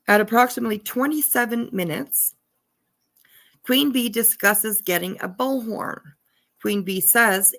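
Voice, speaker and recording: A female online drama commentator with a slightly bright voice on the high side reads court papers at a measured pace. Her casual delivery is punctuated by swearing and laughter in asides between the passages.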